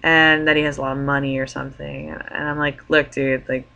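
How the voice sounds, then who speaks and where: A young woman talks straight to her camera in a loose, chatty vlog. Her voice sits low yet has a bright, sharp edge. She tells the story with lots of "like" fillers. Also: level tone, quick pace, creaky, dull audio. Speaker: vlogger.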